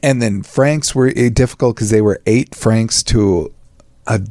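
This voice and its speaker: A man's voice: fairly low pitch, unhurried, darkish tone, no room sound, clean studio sound. A man hosting a psychology talk show, chatting casually and laughing often in rambling asides. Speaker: podcast host. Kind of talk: casual chat.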